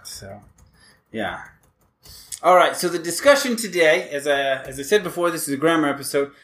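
A man with a slightly high voice hosts a casual podcast and explains things as he goes. He rambles in a chatty way, restarts his sentences often and keeps a loose, talky flow. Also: lively intonation, moderate pace, fairly bright tone. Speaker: podcast host.

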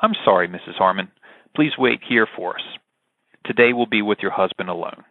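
A man's voice: lowish voice, moderate pace, no room sound. A man voicing a small, prim woman psychiatrist who is polite but steely, speaking formally, over a tinny, dry line.

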